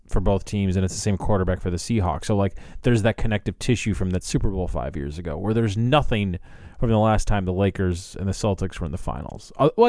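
A man's voice: fairly low pitch, darkish tone, no echo, studio quality. A man chatting casually as a podcast co-host in a loose, opinionated way. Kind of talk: casual chat.

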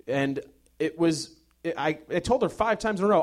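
A man's voice: on the high side, expressive, moderate pace. Sardonic, profane young man hosting a show. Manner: sarcastic and profane, swinging between mock outrage and mumbled asides. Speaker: host. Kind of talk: comedic monologue.

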